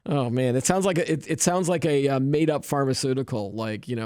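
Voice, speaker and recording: A man's voice: medium pitch, brisk, a little mellow, no echo, studio quality. A man hosting a tech news show, chatting casually and joking, with many restarts.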